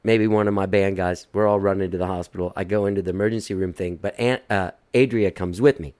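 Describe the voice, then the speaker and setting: A man's voice: low-pitched, steady tone, fast, darkish tone. Rambling, swearing male storyteller. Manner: rambling, laughs while telling stories, swears casually. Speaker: host. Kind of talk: casual storytelling chat.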